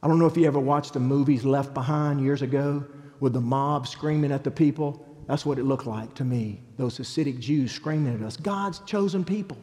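A middle-aged man preaching a testimony, telling his story in an animated way and acting out what people said. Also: medium pitch, fairly quick, in a large hall. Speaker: evangelist.

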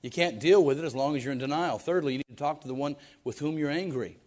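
This pastor's voice is fairly high in pitch with a darkish tone, and he speaks quickly. Pressing his points emphatically, he fires rhetorical questions and stumbles into repeated, restarted words.

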